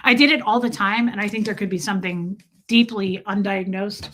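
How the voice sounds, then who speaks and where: A livestream host chats casually in a hoarse, mid-range voice that is a bit bright, worn from a long call. She is sardonic and profane, tossing off quick asides between slow, drawn-out bouts of mock singing.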